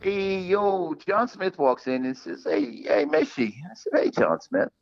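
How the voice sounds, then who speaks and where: A man's voice: sits high, expressive, unhurried, muffled recording. An older man chatting casually, telling boastful stories from his ball-playing days and acting out the umpires. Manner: boastful storyteller, acts out umpire voices. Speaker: guest caller. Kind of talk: casual chat.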